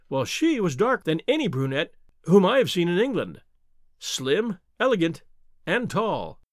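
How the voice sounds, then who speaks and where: A man reading a classic novel aloud as an expressive first-person narrator. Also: high-pitched, no echo, clean studio sound.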